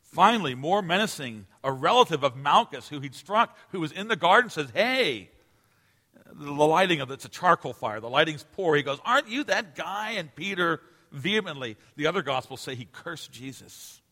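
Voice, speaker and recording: Bright-voiced preacher in a reverberant hall. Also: male voice, on the high side, animated, a little fast. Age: 40s. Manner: emphatic, swinging from loud to hushed. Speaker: pastor. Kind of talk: sermon. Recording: long reverb of a large hall.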